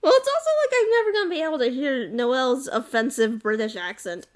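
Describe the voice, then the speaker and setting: A woman's voice: sits high, lively intonation, fairly quick. A woman with an American accent in casual banter as a co-host, laughing often and swearing when she gets defensive.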